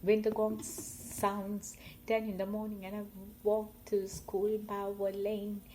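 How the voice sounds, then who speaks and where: A woman reading poems aloud, slow and expressive, her loudness swelling and fading with the lines. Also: medium pitch, a little hiss or hum, rough recording. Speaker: poetry reader. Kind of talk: poetry reading.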